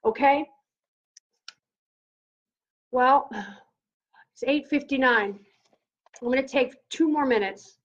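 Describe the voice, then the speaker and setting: Woman preacher, very high voice, fervent scripture teaching, muffled lo-fi audio. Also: takes it slowly, long pauses. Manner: reads scripture aloud and comments on it fervently. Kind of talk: teaching on prayer. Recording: dull lo-fi recording.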